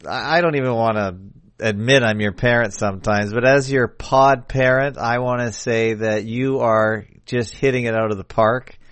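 A man co-hosting a podcast in casual chat, effusive and heaping praise with quick jokes. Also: mid-range voice, steady tone, fairly bright tone, clean tone, no echo. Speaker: podcast co-host.

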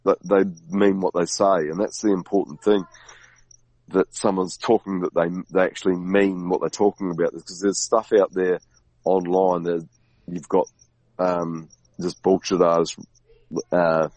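Male guest, very low pitch, rambling and halting, dry close mic. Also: little pitch movement, darkish tone, dry recording, poor audio. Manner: rambling, halting, many restarts and fillers. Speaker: podcast guest. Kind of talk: casual conversation.

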